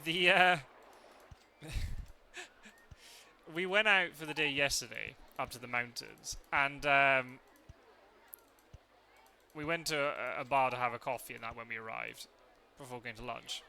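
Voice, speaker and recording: A man's voice: mid-range voice, unhurried, gravelly, pauses often, pushed and bright. A man chatting casually while he streams a game live, telling rambling stories with frequent laughs and the odd swear word.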